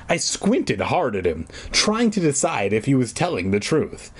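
Guy reading a kids book out loud, swears a lot, sarcastic side comments, voice jumps all over. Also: medium pitch, huge pitch swings, unhurried, few pauses, husky. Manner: profane, sarcastic. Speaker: reader. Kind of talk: casual read-aloud with comic asides.

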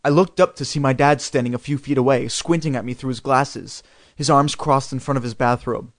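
A man reading a spooky children's storybook aloud, in an expressive, dramatic way. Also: mid-range voice, brisk, dry recording, studio quality. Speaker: reader.

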